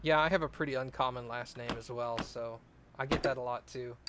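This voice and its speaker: A man's voice: mid-range voice, fairly even intonation, a little fast, noisy background. A man streaming a car repair game, chatting casually and joking with his viewers in a rambling way. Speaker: let's play streamer. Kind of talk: casual gameplay chat.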